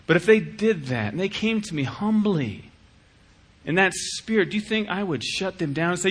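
A middle-aged man preaching a sermon as pastor, acting out little dialogues in an animated way. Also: high voice, moderate pace, breathy edge. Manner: animated, acts out dialogues with shifting voice.

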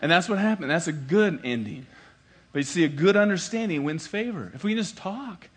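A man's voice: a little high, expressive, brisk, breathy edge. A man, a pastor, preaching a sermon in a conversational way and repeating key lines for emphasis.

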